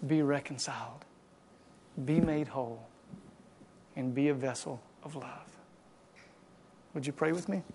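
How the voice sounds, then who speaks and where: A male pastor preaching to a congregation and leading a prayer, swinging from loud impassioned exhortation to quiet, hushed pleading. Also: medium pitch, unhurried, pauses often, a little hiss or hum. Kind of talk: sermon and closing prayer. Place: church service.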